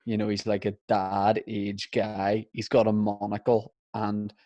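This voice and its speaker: A man chats casually on a comedy podcast. He teases his co-host and tells stories as little scenes. In those scenes he shouts the lines of the other characters. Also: lowish voice, monotone, a little slow, no echo, highs cut off. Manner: teasing, acts out scenes with shouted voices.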